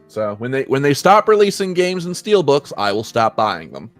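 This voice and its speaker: A man's voice: medium pitch, very animated, normal speed, few pauses, faint music behind. Rambling laid-back male podcast host. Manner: rambling, self-correcting, laughs often. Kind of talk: casual chat.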